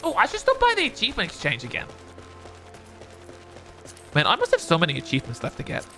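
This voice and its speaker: A man's voice: high voice, huge pitch swings, quick pace, bright, forceful tone. An Australian man streaming a game, chatty and giggly, rambling as he plays. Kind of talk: casual gaming commentary. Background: game music.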